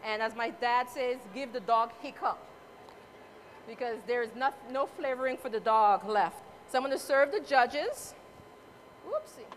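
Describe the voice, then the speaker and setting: A woman with a high voice talks her way through a live cooking demonstration, playful and motherly as she chats with the audience and judges. She is picked up by a mic at some distance, with faint noise behind her. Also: animated, moderate pace. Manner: chatty, motherly, playful asides. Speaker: cooking competitor. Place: cooking competition event space.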